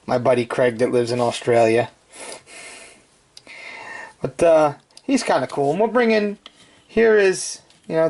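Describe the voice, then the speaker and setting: A man's voice: mid-range voice, darkish tone. Casual male toy reviewer, chatty and joking, mid-range voice.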